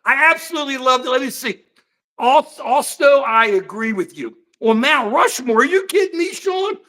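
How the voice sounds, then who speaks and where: Animated high-voiced older man ranting. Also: normal speed. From United States. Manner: animated, rambling, addresses chat by name. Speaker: political livestream host. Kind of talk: heated political talk with chat.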